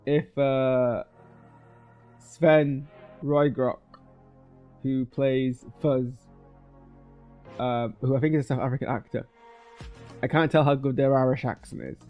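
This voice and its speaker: A man's voice: mid-range voice, fairly even intonation, slow pace, long pauses, smooth, muffled recording, faint music behind. A man giving a casual spoken film review, rambling and hesitant with many restarts. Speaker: video creator reviewing a film. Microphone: streaming webcam setup.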